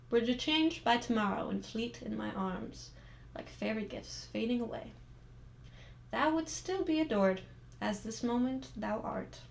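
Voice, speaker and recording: A woman hosting a casual book club stream, reading poems aloud and chatting about them in a relaxed way. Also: fairly high pitch, gravelly, a little hiss or hum.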